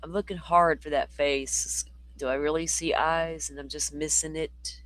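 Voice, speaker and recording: A man's voice: on the high side, fairly even intonation, a little slow, a bit bright, no echo, low-quality recording. A man hosting a livestream, chatty and rambling, his voice worn from talking all day. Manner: chatty, rambling, talks to chat. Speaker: livestream host. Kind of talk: casual live commentary.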